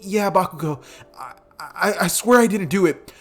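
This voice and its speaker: A man's voice: very animated, unhurried, slightly rough, faint music behind, exaggerated voice. A man voicing a timid teenage boy with spider powers who stutters nervously. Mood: panicked. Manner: stuttering, nervous, high and loud.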